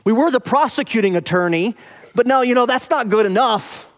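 A man preaching an expository sermon, earnest, dropping soft and slow on key phrases. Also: very high-pitched, expressive. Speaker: pastor.

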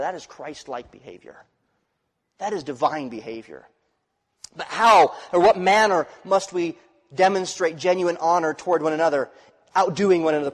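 Male pastor, sermon, slightly high voice, big swings in volume, church hall reverb. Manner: dynamic preaching, swinging from loud rises to quiet drops. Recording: long reverb of a large hall.

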